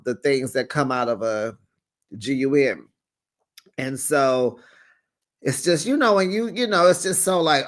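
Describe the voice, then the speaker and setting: A man giving a casual, gossipy reality TV recap, sassy and laughing as he calls viewers honey and child. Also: mid-range voice. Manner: laughs often while telling the story.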